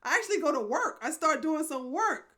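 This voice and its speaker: A woman hosts a live stream and talks casually to her chat in a somewhat high, bright voice. She rambles and apologizes often, with laughs breaking into her talk. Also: big pitch swings, fairly quick. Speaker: livestream host.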